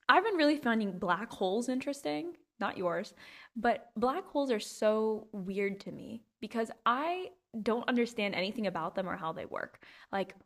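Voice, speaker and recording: A woman hosting a podcast alone at home, chatting casually in a rambling, playful way. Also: mid-range voice. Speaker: podcast host. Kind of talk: casual solo chat.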